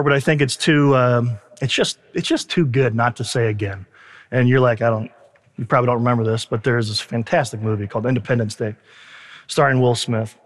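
A man preaching a sermon in a conversational, animated way, retelling stories with quoted lines. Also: on the high side, long reverb tail. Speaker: pastor.

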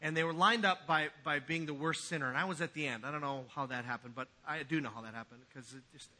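A man preaching a sermon in a church, swinging from quiet asides to loud, emphatic passages. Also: a little high, fairly even intonation, fast talker. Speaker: pastor. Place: church sanctuary.

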